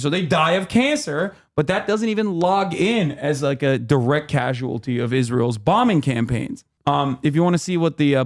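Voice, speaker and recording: A man in his thirties on a livestream, talking things through in a heated, cursing rush full of fillers and restarts. His voice sits a bit higher than most men's. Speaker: streamer host. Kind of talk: casual livestream explainer.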